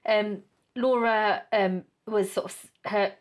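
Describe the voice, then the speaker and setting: A woman in her thirties, a podcast guest, telling a personal story with lively acted-out dialogue and frequent laughter. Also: mid-range voice, unhurried. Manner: animated storyteller, acts out quoted dialogue, laughs often.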